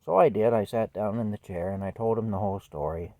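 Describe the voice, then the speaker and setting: A man telling a personal story from his childhood in a conversational, reflective way, with soft laughs here and there. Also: on the low side, brisk, dry recording.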